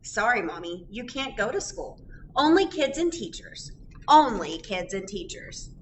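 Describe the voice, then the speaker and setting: A woman's voice: mid-range voice, big pitch swings, unhurried. A woman reading aloud and voicing cheerful young kids in a picture book, using a matter-of-fact, chanting delivery. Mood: firm. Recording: distant mic, faint background noise.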